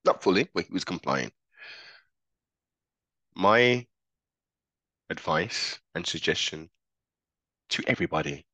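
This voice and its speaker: A man's voice: on the low side, fairly bright tone, no echo. A man giving casual reaction commentary, talking in an emphatic, slangy way and often repeating himself. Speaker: commentator reacting to police footage.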